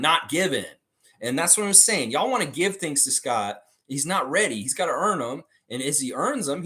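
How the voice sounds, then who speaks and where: This man's voice sits a little high and has a sharp edge. He hosts a casual livestream, arguing bluntly with his chat and swearing as he goes.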